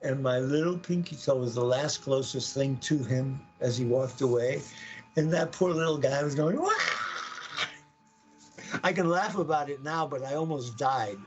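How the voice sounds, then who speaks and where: A man telling an intense personal story on a live podcast, acting out his own words and the words of others with sudden jumps in pitch. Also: normal speed, lo-fi sound, soft background music. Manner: animated, acts out quoted voices with sudden pitch jumps.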